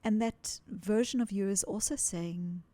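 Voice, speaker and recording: A woman guest in an interview, explaining ideas in an earnest, animated way and repeating words for emphasis. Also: medium pitch, a little slow, dry recording. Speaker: psychologist guest.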